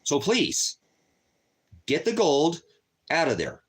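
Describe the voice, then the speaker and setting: A man's voice: on the high side, huge pitch swings, slow, breathy edge. A man telling an angry personal story in a casual rant, cursing and acting out his arguments with other people. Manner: agitated, profane, retells arguments in quoted voices. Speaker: storyteller venting.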